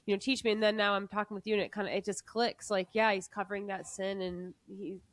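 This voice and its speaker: A woman hosting a podcast, chatting casually and telling an excitable story in quick bursts. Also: mid-range voice, no room sound. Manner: excitable, rapid storytelling with voices. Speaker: podcast host. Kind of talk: casual conversation.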